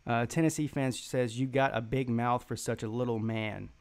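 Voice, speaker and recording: Southern US male stream host, rambling mocking trash talk, lots of uhs, a rough fry in the voice. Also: mid-range voice, steady tone, a little mellow. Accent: Southern American. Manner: rambling, halting, with many fillers and restarts. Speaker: sports live-stream host. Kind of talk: live-stream chat reading viewer comments.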